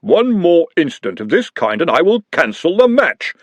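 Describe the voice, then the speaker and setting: A man's voice: fairly high pitch, very animated, moderate pace, dry recording, voice pushed up. A man voicing a stern elderly referee who issues official commands, in an audiobook reading.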